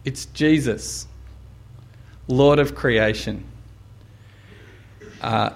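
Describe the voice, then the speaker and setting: A man's voice: medium pitch, slow, gravelly, pauses often. A man preaching a sermon, retelling a gospel story and lifting his voice to quote Jesus with dramatic weight.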